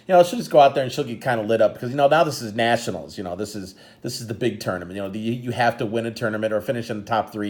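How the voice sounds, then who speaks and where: A man's voice: mid-range voice, darkish tone. A middle-aged man, a father and karate coach, telling a long story in a rambling, emotional way, often restarting his sentences. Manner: rambling, full of restarts, gets choked up. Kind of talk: casual storytelling to camera.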